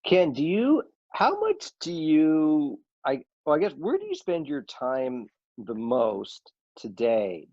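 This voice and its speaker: A man's voice: fairly high pitch, wildly swooping pitch, slow, dark tone, no room sound. A man hosting an interview, asking tentative questions that he rephrases as he goes. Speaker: interview host. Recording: dull lo-fi dry audio.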